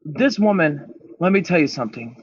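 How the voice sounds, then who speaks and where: Guy on a podcast telling a wild story, swears a lot, kinda high voice, dull dry sound. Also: expressive, brisk, breathy edge, no room sound. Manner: blunt, profane, emphatic storytelling. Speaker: podcast guest. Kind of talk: candid storytelling interview.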